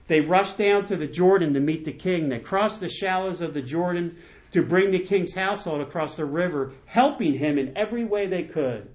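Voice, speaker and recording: A man's voice: sits high, normal speed. A male pastor preaching a sermon, enthusiastic and emphatic, with lots of repetition.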